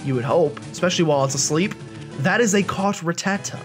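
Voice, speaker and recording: Young man, let's play host, casual game commentary, chatty, self-deprecating, high voice, faint game music. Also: fast.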